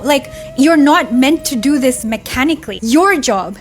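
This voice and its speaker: A woman's voice: high voice, expressive, unhurried, hardly any pauses, soft background music. A young woman vlogger telling a heartfelt personal story in a casual, conversational way, tearing up at times. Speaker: spiritual vlogger.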